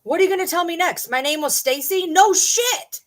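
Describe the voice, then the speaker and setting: A woman's voice: extremely high pitch, lively intonation, moderate pace. A middle-aged woman hosting her own vlog, talking casually and ranting at viewers in an indignant, sarcastic, challenging way. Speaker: channel host.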